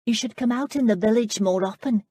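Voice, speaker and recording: Narrator doing a lovesick young girl, higher and brighter than her own husky voice, pleading. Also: brisk, dry recording, close to an everyday voice. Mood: earnest. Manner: bold, earnest and pleading. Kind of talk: audiobook character voice.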